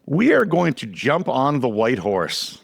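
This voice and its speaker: A man's voice: mid-range voice, huge pitch swings, unhurried, vocal fry, slightly rough, no echo, clean studio sound. A man hosting a casual podcast chat, easygoing and fond of trivia asides. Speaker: podcast host.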